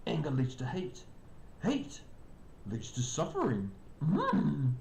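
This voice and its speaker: A live streamer putting on the voice of an ancient, cryptic alien Jedi master with backward word order and throaty hums, in an echoey room with a faint rumble. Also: huge pitch swings, takes it slowly, creaky, darkish tone, heavily acted.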